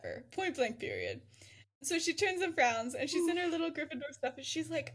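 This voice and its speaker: A woman's voice: high voice, sing-song, a little fast, a bit bright. A woman hosting a podcast, retelling a story in a casual, giggly way with many filler words. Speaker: podcast host.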